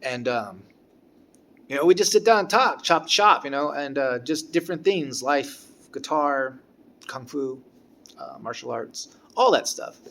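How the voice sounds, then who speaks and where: A man telling a casual personal story about a former guitar teacher, halting and restarting as he goes. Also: medium pitch, expressive, a bit bright. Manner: rambling, halting, with frequent restarts.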